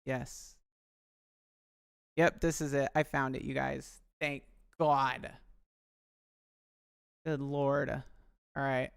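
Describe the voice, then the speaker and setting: A man's voice: medium pitch, little pitch movement, extremely slow, creaky, long pauses, smooth, no echo, clean studio sound. A young man rambling on a live stream, talking to his viewers and poking fun at himself. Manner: chatty, self-deprecating, addresses viewers.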